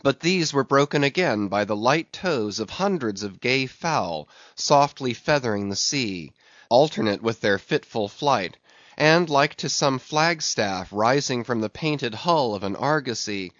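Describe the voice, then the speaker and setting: A man narrating an audiobook in a measured, even reading. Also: medium pitch, no echo. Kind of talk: scripted narration. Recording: dull, dry sound.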